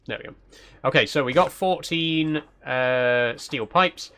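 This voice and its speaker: A man from South Yorkshire with a mild Yorkshire accent, live-streaming a game and chatting as he goes. He thinks aloud in a casual, rambling way at a mid-range pitch. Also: measured pace, a bit bright, smooth. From South Yorkshire, England. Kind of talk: casual live-stream commentary while playing.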